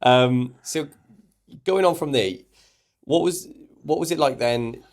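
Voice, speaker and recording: A man's voice: a little high, slow. A man hosting a podcast, chatting casually and bluntly, swearing freely. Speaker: podcast host. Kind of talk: casual chat.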